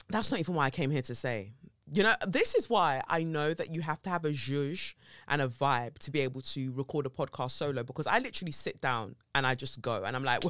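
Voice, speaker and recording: A woman hosting a solo podcast, chatting in an animated, cheeky and profane way, with big jumps in pitch. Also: no room sound, studio quality. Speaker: podcast host. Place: podcast recording setup with a camera.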